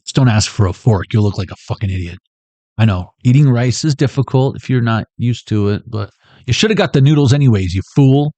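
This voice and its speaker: A man's voice: mid-range voice, brisk, warm tone, no room sound. A young man riffing off the cuff, rambling and joking with plenty of swearing. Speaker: tarot reader and streamer.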